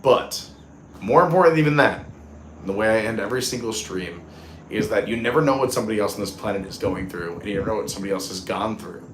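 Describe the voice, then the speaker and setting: A man's voice: lowish voice, animated, fast talker, reverberant, background noise. A man in his thirties hosting a live stream, signing off in an earnest, heartfelt, rambling way, recorded on a phone outdoors at a theme park. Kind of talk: casual live stream sign-off.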